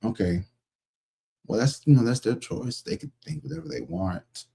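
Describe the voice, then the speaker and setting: A man's voice: mid-range voice, animated, moderate pace, creaky, mellow, breathy edge. A man giving a casual, blunt tarot reading, talking conversationally and swearing freely. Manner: conversational, acts out other people's voices. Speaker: tarot reader.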